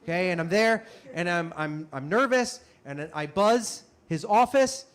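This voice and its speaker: A young man telling a comic story on stage, animated and self-mocking with quick asides. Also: sits high. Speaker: comedian and storyteller. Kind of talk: live stand-up storytelling.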